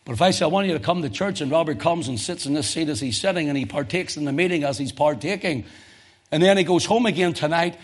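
A male preacher delivering a fervent sermon, swinging from loud emotional crescendos to low, intense tones.

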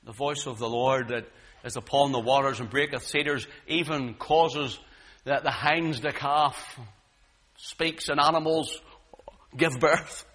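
A man's voice: fairly even intonation, a little slow. Dramatic man preaching a sermon. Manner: dramatic, swinging from booming to hushed.

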